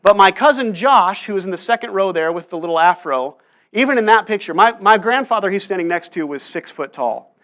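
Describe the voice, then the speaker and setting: Storytelling male pastor, fairly high voice. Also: lively intonation, brisk, fairly bright tone. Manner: storytelling with frequent "right?" asides. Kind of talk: sermon. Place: church.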